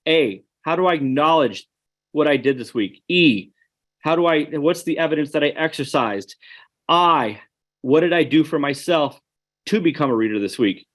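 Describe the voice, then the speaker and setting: A man's voice: on the high side, expressive, moderate pace, fairly bright tone. A man giving an online webinar presentation, earnest and conversational, speaking straight to his audience.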